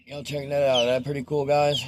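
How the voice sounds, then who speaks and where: A man's voice: mid-range voice, flat delivery, brisk. A man vlogging casually outdoors by the water, chatting to his viewers in a rambling, easygoing way while filming on his phone. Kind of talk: casual outdoor vlog talking to camera. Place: outdoors by a pond or lake. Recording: outdoor phone recording with background noise.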